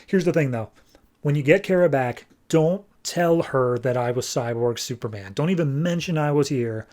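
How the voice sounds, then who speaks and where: A man's voice: medium pitch, moderate pace, a little mellow, lightly acted. A man voicing a remorseful scientist father who pleads urgently to save his daughter. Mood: urgent pleading.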